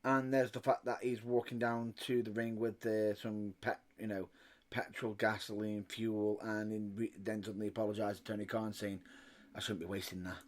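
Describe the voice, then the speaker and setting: A man's voice: on the low side, flat delivery, normal speed. A British man chatting casually as a podcast co-host, laid-back, with dry remarks. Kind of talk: casual chat.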